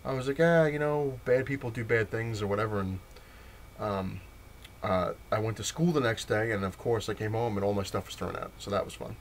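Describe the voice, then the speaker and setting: A man's voice: fairly low pitch, a little fast, a little hiss or hum. A man casually telling a long personal story in a rambling, wry way with many restarts. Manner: rambling, frequent restarts and fillers, wry laughs. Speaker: vlogger telling a childhood story.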